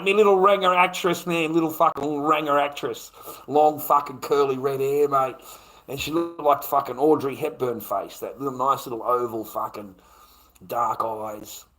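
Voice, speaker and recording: Crude rambling Australian man, bright voice. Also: mid-range voice, low-quality recording. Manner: crude, profane, rambling, keeps tagging "mate". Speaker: livestreamer. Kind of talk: rambling monologue on a livestream.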